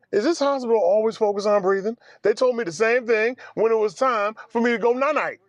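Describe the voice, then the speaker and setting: A man telling a personal story casually to his viewers in an animated way, acting out other people's lines as he goes. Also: sits high, fast talker, few pauses, no room sound. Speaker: vlogger.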